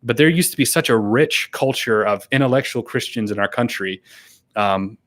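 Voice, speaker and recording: A man's voice: medium pitch, normal speed, a bit bright. Guy doing a live stream, rambly and laughing a lot, super grateful to his viewers. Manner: rambling, laughing, with many fillers and restarts; earnest and grateful when thanking donors. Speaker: YouTuber hosting a live stream. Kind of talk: casual live-stream chat, reading and answering viewer comments.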